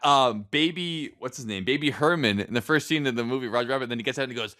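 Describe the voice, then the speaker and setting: Bright-voiced excitable podcast co-host, man. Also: medium pitch, fast, no echo, studio quality. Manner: excitable, swears freely, laughs mid-sentence. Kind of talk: casual chat.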